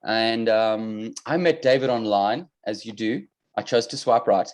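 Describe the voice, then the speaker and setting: Speaking unhurriedly in a lowish voice, this man with a South African accent is a fitness coach appearing as a podcast guest. He chats over a video call, keeping things casual with a dry, joking sense of humor.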